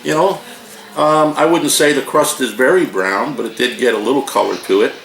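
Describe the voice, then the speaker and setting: A man's voice: mid-range voice, normal speed, creaky, a bit bright. A man in his sixties casually reviewing frozen food at home, a folksy, rambling talker who wanders off into jokes and old stories. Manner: folksy, digressive, joking storyteller. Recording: roomy echo, faint noise.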